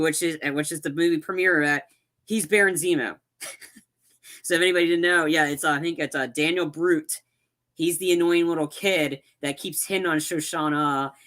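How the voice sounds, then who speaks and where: A man's voice: on the high side, sharp tone. A man co-hosting a podcast, chatting casually about films in a rambling way with lots of fillers and restarts. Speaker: podcast co-host. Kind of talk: casual movie chat.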